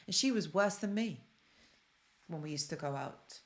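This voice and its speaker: Answering viewer comments on her casual self-help live stream, a young woman from London chats away and repeats phrases to drive points home. She speaks at a normal speed in a voice on the low side with lively intonation.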